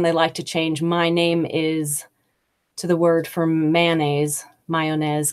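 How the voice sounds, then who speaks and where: A woman in her thirties hosting a live English lesson, explaining slowly and kindly with examples. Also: on the low side. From United States. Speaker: English teacher and host. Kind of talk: live-streamed teaching talk.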